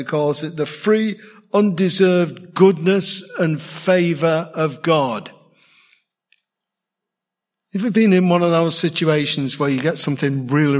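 Man preaching in a reverberant hall. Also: a little high. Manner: conversational, asks the congregation questions. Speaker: pastor. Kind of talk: sermon. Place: church.

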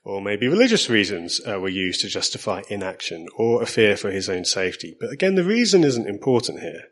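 Husky-voiced man preaching with an Essex accent. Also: lowish voice, big pitch swings. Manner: measured, earnest, slows to stress key lines. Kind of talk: sermon.

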